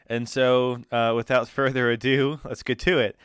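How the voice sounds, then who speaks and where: A man narrating as game master of a tabletop game, halting with fillers and restarts. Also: medium pitch, a bit bright, clear, resonant tone, no room sound, studio quality.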